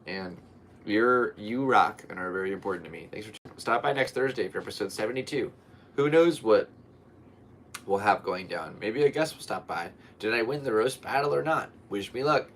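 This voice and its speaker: A tired young man chats alone on his podcast, rambling and drifting off topic as he yawns. His voice sits low but leaps around with lively swings. A faint hum of room noise sits behind him. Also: moderate pace. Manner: rambling and tired, with goofy voices and playful yelps. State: worn out, yawning. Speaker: podcast host. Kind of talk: solo podcast chat.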